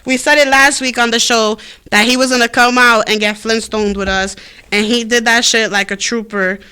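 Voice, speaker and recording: A woman hosting a casual podcast, high and a little out of breath, telling stories and acting out dialogue. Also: steady tone, moderate pace, clean tone. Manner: loud laughing storyteller, acts out dialogue. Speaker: podcast host. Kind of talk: casual stoner chat.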